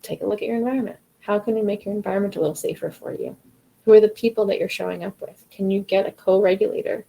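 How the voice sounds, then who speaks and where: A woman's voice: mid-range voice, fairly even intonation, fast, gravelly, dark tone, rough recording. A woman giving a casual, encouraging live coaching talk to singers, acting out their inner voices as she goes.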